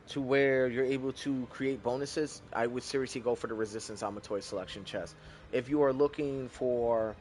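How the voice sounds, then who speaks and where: A man's voice: medium pitch, a little hiss or hum. Casual young man talking over gameplay. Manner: relaxed, chatty, thinks aloud, swears casually. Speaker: gaming YouTuber.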